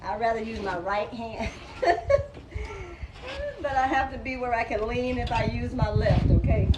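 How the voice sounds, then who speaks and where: A woman's voice: on the high side, a little slow, lo-fi sound. A woman chatting casually in a DIY vlog, swearing freely and poking fun at herself. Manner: salty, self-deprecating, swears freely. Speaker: vlogger. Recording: loud background noise.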